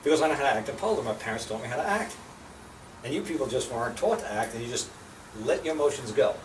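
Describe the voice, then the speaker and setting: A man's voice: medium pitch, fast talker. An older man telling blunt, profane stories to a small group, often acting out the voices he quotes. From United States. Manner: blunt, profane, animated storyteller who acts out quoted voices. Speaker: speaker sharing life lessons. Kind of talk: casual storytelling talk to a small group. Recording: roomy, distant recording with noticeable background noise.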